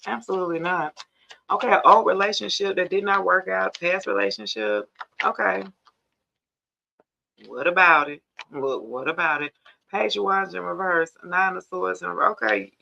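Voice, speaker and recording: A woman's voice: fairly low pitch, moderate pace, gravelly, sharp tone. A woman hosting a casual live tarot reading, chatting straight to viewers and calling them y'all, on dull lo-fi stream audio.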